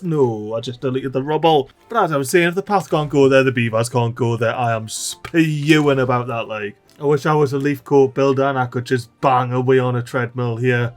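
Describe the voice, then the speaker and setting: A man chatting excitably through a let's-play video and talking to his game characters. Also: medium pitch, moderate pace, hardly any pauses, faint music behind. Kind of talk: casual gameplay commentary.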